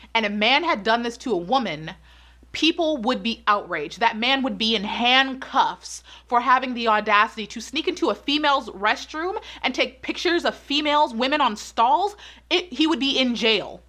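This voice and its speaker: Brief: woman, vlog commentator, higher pitch, bright and forceful, hammers points home by repeating them. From United States. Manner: emphatic, repeats points for stress, gets worked up. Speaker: pageant commentary YouTuber.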